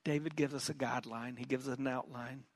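A man's voice: mid-range voice, steady tone, fairly quick, no room sound. A middle-aged male pastor preaching a sermon in an earnest, emphatic way, often repeating words.

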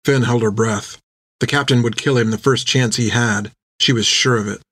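A man reading a story aloud in steady, even narration on a close microphone. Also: mid-range voice, normal speed, slightly rough, no echo. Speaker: audiobook narrator.

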